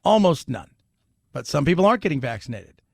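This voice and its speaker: A man's voice: fairly high pitch, very animated, a little fast, creaky, no room sound. Dry, wry-voiced male radio host. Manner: wry and sarcastic, laughs at his own asides. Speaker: radio talk show host. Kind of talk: casual talk radio commentary.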